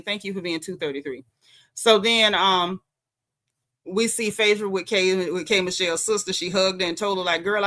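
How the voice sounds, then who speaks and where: Bright-voiced Southern American woman host. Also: mid-range voice. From Southern United States. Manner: chatty, emphatic, colloquial with lots of slang. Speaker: host recapping a reality show. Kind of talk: casual livestream commentary.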